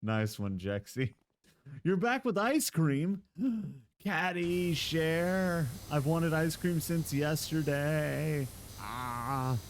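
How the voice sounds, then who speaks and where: A man's voice: on the high side, slow pace. A man live streaming, chatting casually with his viewers in a playful, giggly way and laughing often.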